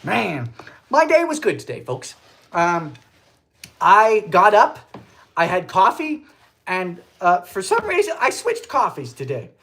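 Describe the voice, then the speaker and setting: A man's voice: sits high, wildly swooping pitch, unhurried, gravelly, fairly bright tone, breathy edge. A man hosting a casual baking livestream from his home kitchen, chatting playfully, reading viewer comments and bursting into goofy laughter. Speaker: baking show host.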